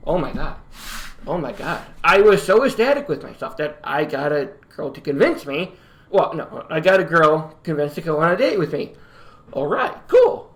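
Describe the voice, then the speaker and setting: Man, young adult, from upstate New York, slightly high voice, rambling, halting, casual vlog storytelling. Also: a bit bright. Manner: rambling, halting, with many fillers and restarts. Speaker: YouTuber.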